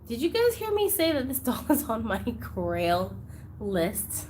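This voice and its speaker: A woman hosts an unboxing vlog in a gushing, exclamatory way, sometimes close to tears. Her pitch jumps all over the place. A faint hiss of noise sits under the recording. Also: big pitch swings, unhurried. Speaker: doll collector channel host.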